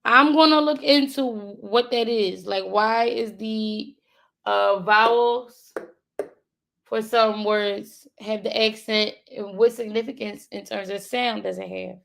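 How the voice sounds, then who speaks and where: Slow, gravelly woman thinking aloud. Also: medium pitch, fairly even intonation, fairly bright tone. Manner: slow, musing, repeats words to practice. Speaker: learner. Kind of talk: thinking aloud while studying.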